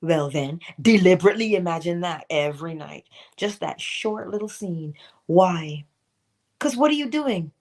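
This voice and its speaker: Hosting a motivational morning livestream, a middle-aged woman asks pointed questions and tosses in playful remarks to herself. She speaks at normal speed with a fairly low pitch, lively intonation, and a darkish tone.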